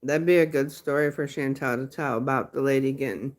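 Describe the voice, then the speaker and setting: A woman's voice: a bass voice, steady tone, brisk. A woman hosting a casual livestream chat, easygoing, answering comments from viewers. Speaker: livestream host.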